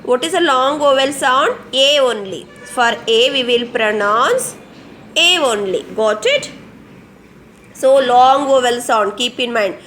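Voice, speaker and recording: A kindergarten teacher with an Indian English accent leads young children through online phonics, slowly spelling out words letter by letter and patiently repeating them. She has a high, fairly bright voice, and slight background noise is present.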